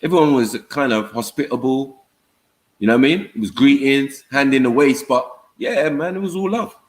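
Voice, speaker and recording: A man's voice: mid-range voice, normal speed. A man with a London accent, a guest chatting casually on a live stream and telling stories in slang. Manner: animated storyteller, slips into slang. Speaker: panel guest.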